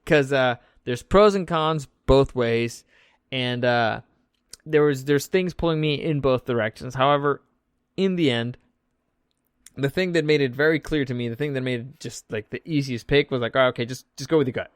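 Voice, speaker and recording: A man's voice: mid-range voice, normal speed, smooth, dry recording, clean studio sound. A young man casually recapping an event in a loose, joking way, swearing freely as he tells the story. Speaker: vlog host recapping an event.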